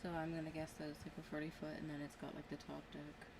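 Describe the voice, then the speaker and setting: A soft-spoken woman with a lowish voice chimes in casually on a live stream, tossing in quiet asides. She is aboard a small sailboat in a marina, with a faint hiss under her voice. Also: monotone, quick pace. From Canada. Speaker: livestream co-host.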